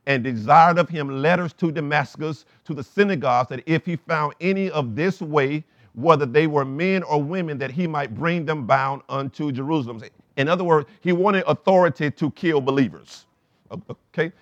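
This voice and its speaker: Preaching pastor with a dry sound. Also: male voice, a little high, moderate pace, no echo, lo-fi sound. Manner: preaching with call-and-response prompts; reads scripture aloud between points. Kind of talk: sermon.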